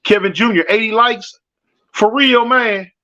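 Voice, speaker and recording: Man, middle-aged, livestream host, slangy street talk, reads out comments, high-pitched, slightly muffled audio. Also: measured pace, sharp tone. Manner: reads out viewer comments and begs for likes. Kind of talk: casual livestream chat.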